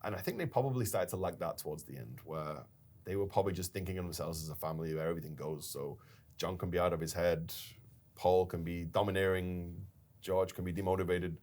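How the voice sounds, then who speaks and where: A man with a very low voice recounts a story in a relaxed business chat. He tells it with animation and laughs now and then as he co-hosts. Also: fairly quick. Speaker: company founder and podcast co-host.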